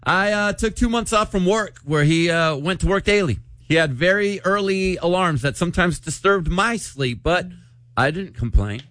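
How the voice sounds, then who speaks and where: A man's voice: high-pitched, a bit bright, no room sound. A man hosting a morning radio show, chatting casually, joking and reading a listener's letter aloud. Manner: chatty, joking, quick asides.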